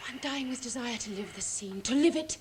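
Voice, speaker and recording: Stage drama, actress as a fiery, indignant young woman, high voice, faint hiss behind. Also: brisk, a little mellow, close to an everyday voice. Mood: eager. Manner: passionate, indignant, urgent. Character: fiery young stepdaughter, proud and vengeful.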